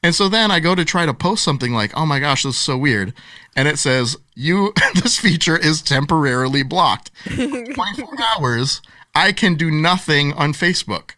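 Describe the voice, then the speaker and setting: An animated storyteller in his forties, a man whose voice swoops widely as he acts out quotes. His tone is bright and forward, and the recording is dry and close. He laughs easily as a guest in a relaxed interview. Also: fairly high pitch, normal speed, no echo. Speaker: podcast guest, author and speaker.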